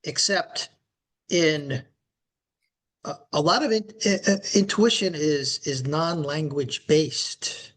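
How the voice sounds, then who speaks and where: A man co-hosting a podcast and working as a leadership coach, talking in a reflective, measured way. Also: a little high, fairly bright tone. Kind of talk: casual podcast conversation.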